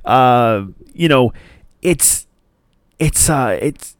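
A man hosting a podcast, ranting casually with plenty of swearing and rambling asides. His voice sits in a middle pitch and is recorded dry and close. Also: extremely slow, clean tone, dry recording. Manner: profane, rambling, animated. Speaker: podcast host.

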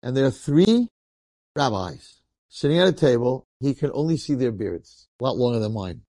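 A man, a rabbi, telling a story in a sermon in a lively, conversational way, acting out the people in it. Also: medium pitch, normal speed, dry recording, clean studio sound. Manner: animated, conversational, acts out quotes.

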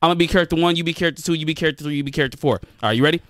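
Young guy cohosting a podcast, loud and jokey, slightly high voice. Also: racing, dry recording, studio quality. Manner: loud, joking, directs the others. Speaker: podcast co-host. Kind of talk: casual group banter.

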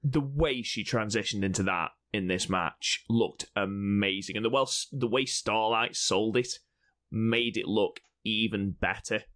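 A man's voice: fairly low pitch, measured pace, a bit bright. A young man co-hosting a casual podcast chat, teasing and swearing freely. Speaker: podcast co-host.

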